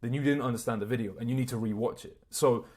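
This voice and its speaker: A man giving an energetic, casual motivational talk as a self-improvement coach, full of slang and swearing. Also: medium pitch, quick pace.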